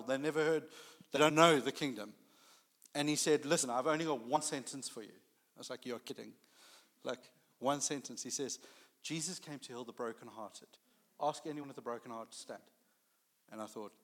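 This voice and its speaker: A man preaching a sermon, telling a personal story with lively acted-out dialogue. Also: mid-range voice, big-room sound. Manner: animated storytelling, acting out dialogue.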